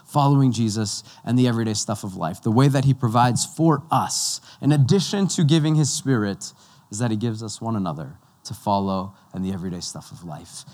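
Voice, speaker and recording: A man preaching a sermon as pastor, talking conversationally and slowing down to stress key points. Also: medium pitch. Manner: conversational, with slow, emphatic stretches.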